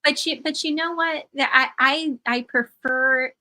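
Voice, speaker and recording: A woman's voice: high voice, fairly even intonation, measured pace, sharp tone, rough recording. A woman from the United States, a panel member in a casual podcast chat, talking in a chatty, friendly way. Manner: chatty, friendly, loose fillers.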